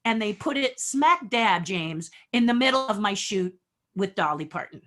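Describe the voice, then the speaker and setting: A middle-aged woman guest on a podcast, telling stories from her career and acting out the dialogue in lively voices. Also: mid-range voice, moderate pace. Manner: animated storyteller acting out dialogue. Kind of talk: storytelling interview.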